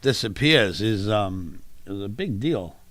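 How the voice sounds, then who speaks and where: A man's voice: on the low side, lively intonation, slow pace, fairly bright tone. A man co-hosting a live stream, chatting casually and teasing. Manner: joking, teasing, does mock impressions. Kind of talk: casual chat.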